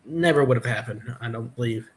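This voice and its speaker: A man chatting casually on a podcast, telling stories in a halting way with many restarts and fillers. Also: medium pitch. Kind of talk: casual chat.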